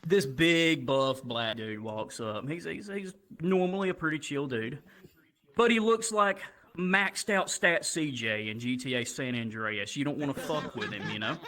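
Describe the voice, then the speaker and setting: A man's voice: medium pitch, expressive, unhurried, pushed and bright, rough recording. A man, telling crude, profane stories as a stand-up comedian on a livestream.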